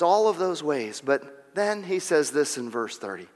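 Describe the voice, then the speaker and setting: A man's voice: sits high, animated, slow. A man preaching a sermon with a dramatic delivery, his voice climbing and swelling as he voices the boasts of the proud. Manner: dramatic, rising to near-shouting when voicing boasts. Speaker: pastor. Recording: long hall reverb.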